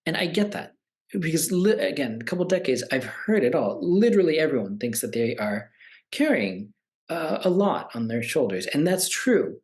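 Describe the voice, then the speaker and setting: A man's voice: a little high, very animated, normal speed, a little mellow. A man in his forties, a meditation teacher, talking casually and animatedly, acting out the voices of people he quotes. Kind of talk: conversational talk.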